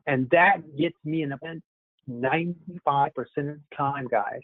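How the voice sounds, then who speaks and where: Heard on a tinny phone line with no echo, this sales trainer keeps things upbeat, coaching the group and calling them "guys" again and again. His voice is fairly high and his pace normal.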